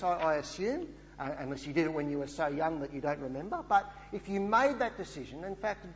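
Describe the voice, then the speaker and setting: Earnest preacher in an echoing hall. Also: male voice, a little high. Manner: earnest, with rhetorical questions. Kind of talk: sermon. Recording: dull recording with long hall reverb.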